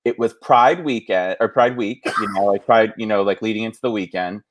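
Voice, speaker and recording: This New York City–area podcast host has a fairly low voice and a brisk delivery. He chats casually, telling stories packed with fillers.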